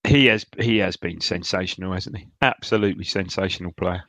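Lower-voiced man, chatty football fan. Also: a little fast, a bit bright, no room sound. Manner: enthusiastic, hesitant with many ums. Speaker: podcast co-host. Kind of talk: casual football chat.

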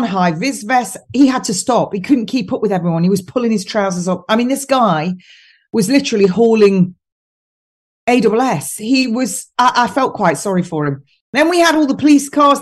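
A woman's voice: medium pitch, breathy edge. A woman talking on a podcast as a guest, chatty and mocking, laughing often as she tells stories. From United Kingdom. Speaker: guest nutritionist. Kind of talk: casual podcast chat.

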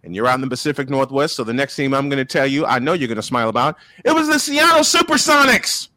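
A man from Chicago hosting a casual sports chat, animated and quick to laugh. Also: medium pitch, dry recording. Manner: lively, animated, laughs often. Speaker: host.

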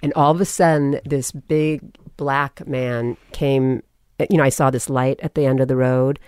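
A woman's voice: extremely low pitch, a little slow, smooth, no echo, studio quality. A woman from California, a podcast guest, telling a personal story in casual talk and acting out what people said. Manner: animated storyteller, quotes people in voices.

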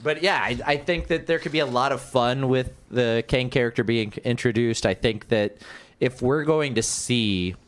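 A man's voice: medium pitch, moderate pace, few pauses. A man hosting a podcast in casual chat, chatty and joking, with rambling asides. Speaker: podcast host.

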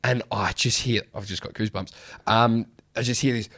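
A man, hosting a podcast and telling a story in an animated, casual way, swearing freely and acting out what people said. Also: lowish voice, moderate pace. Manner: swears freely, acts out quotes. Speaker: podcast host.

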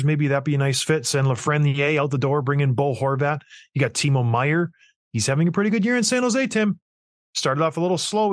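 Upbeat sports host, man, voice sits a bit high, dry close sound, excitable and quick with questions. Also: no room sound. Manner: excitable, rapid-fire questions. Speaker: sports talk show host. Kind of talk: casual hockey chat.

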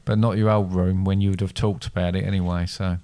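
A middle-aged father co-hosting a casual podcast with his son, measured and wryly teasing. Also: low voice, little pitch movement, warm tone, smooth. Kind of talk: casual chat.

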